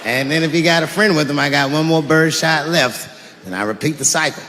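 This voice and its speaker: A man doing a stand-up comedy set, animated and shouting his punchlines while acting out characters. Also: on the high side, fairly quick, in a large hall, heavy background noise.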